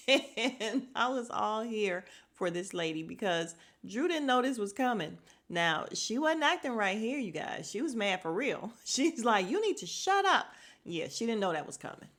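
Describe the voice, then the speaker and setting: A woman's voice: medium pitch, measured pace, few pauses. Gossipy woman recapping reality TV. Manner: animated, gossipy, laughs often. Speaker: podcast host.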